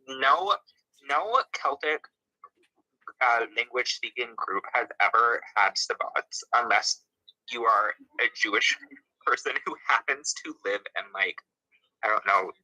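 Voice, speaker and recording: An animated man talks in casual discussion, often exasperated and full of fillers. His voice has a sharp, very bright edge. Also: mid-range voice, measured pace, poor audio.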